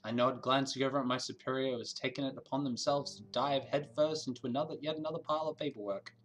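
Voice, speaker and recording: A man streaming a visual novel, reading its narration aloud in an even voice between asides. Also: medium pitch, fast talker, faint music behind.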